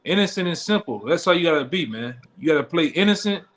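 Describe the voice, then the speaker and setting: Male Bible teacher, higher voice, streetwise and profane, keeps checking in with listeners. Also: animated, quick pace. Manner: blunt and profane, punctuates lines with "man" and "all right?". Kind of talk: street-style scripture teaching.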